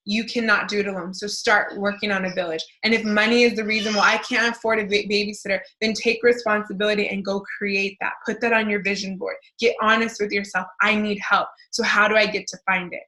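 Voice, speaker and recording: Casting note: a woman coach in her thirties, bright, lively, chatty motivational talk. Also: medium pitch, poor audio. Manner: casual, quick, chatty, many fillers and restarts. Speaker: life coach.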